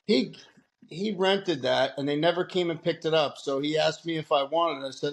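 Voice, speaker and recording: A man's voice: a little high, fairly even intonation, a little fast, vocal fry. A man talking in a casual podcast chat, blunt and loose, swearing freely. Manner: blunt, swearing, laughs easily. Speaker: podcast guest.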